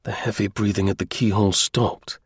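A man narrating a first-person adventure story as an audiobook in a measured, even storytelling manner, with a husky voice. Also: fairly low pitch, no echo.

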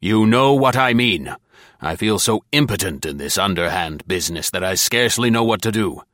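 A gruff old navy admiral, stern and emphatic, as a male narrator puts him on. The voice sits very low, and the recording is dry and close. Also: lively intonation, moderate pace, a bit bright, no echo.

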